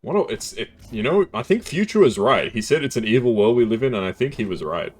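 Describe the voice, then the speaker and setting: A man's voice: medium pitch, very animated, fast talker. A man hosting a casual gaming stream, reacting to a friend's stories with laughter and sympathy. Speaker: streamer host.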